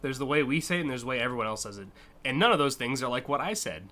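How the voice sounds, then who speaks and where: A young American man hosting a live stream, rambling in casual commentary with lots of fillers and quick laughs. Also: mid-range voice, expressive, pushed and bright. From United States. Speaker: streamer hosting a community car contest.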